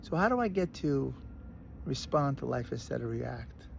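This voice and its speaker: A man with a Brooklyn accent telling a personal story in a casual, animated way, often restarting and repeating words. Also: medium pitch, moderate pace, gravelly, slight background noise. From Brooklyn, New York. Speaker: recovery speaker.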